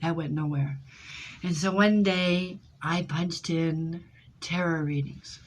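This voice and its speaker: A lower-pitched woman who reads tarot tells stories to her audience in a loose, chatty way. She is animated and joking, and she laughs often. A faint hiss sits under her voice. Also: slow pace. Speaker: tarot reader. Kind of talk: casual storytelling to an audience.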